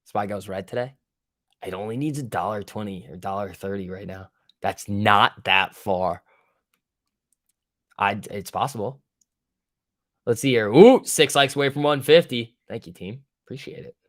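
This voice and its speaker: Pausing often, a man with a lowish voice speaks at a moderate pace as he hosts a livestream on the stock market. It's casual chatter, peppered with jokes and curse words aimed at his viewers' messages.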